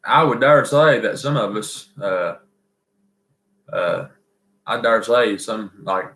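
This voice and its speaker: A man's voice: lowish voice, slow. A man with a Southern accent co-hosting a live stream, telling folksy stories and laughing a lot. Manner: animated, laughs often, folksy. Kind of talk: casual chat and storytelling. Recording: roomy echo.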